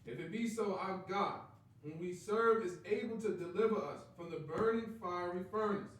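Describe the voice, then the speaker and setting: A man's voice: sits high, normal speed. A man reading King James Bible verses aloud in a class, calling out each verse number as he goes. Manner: reads steadily, announces verse numbers. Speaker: scripture reader. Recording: very echoey room, far from mic.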